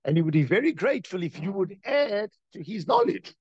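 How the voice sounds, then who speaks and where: A man leads a Torah lesson, firing off rhetorical questions as his voice swings up and down with a gravelly edge. The recording is dry and slightly muffled. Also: sits high, very animated, fairly quick, no echo. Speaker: rabbi teaching a class. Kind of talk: Torah class lecture.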